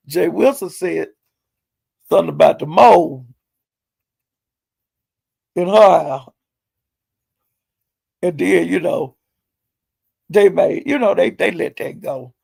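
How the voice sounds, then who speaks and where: A man with a high, gravelly voice tells a gossipy recap of a livestream in loose, slangy talk. He is animated and breaks into laughter often. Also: measured pace, pauses often. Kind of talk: casual storytelling recap.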